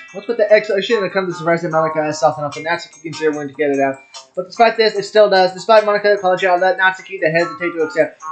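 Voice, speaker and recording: A young man narrates a visual-novel playthrough, reading the story aloud. He breaks in with crude, irreverent asides and curses often. His voice sits slightly high, with faint music in the background. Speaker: let's play host. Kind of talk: gameplay commentary reading game text aloud.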